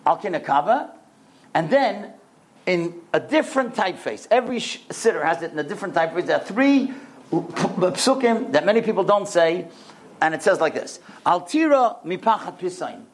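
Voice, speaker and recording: Man, storytelling sermon, animated, fairly high voice. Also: normal speed. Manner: animated storyteller, rising high on quoted verses. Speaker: speaker giving a Torah talk.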